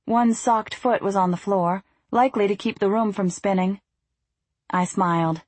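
Husky woman narrating an audiobook. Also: mid-range voice, moderate pace, a little mellow, no room sound. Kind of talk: first-person audiobook narration.

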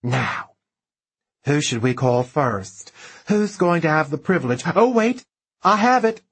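A flamboyant male writer who drawls with a lisp and pitches up high with theatrical, gleeful camp, as a man puts him on. Arch and gossipy, he comes from an audiobook narration with a faintly husky edge. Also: sing-song, unhurried, exaggerated voice. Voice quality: lisping, drawling.

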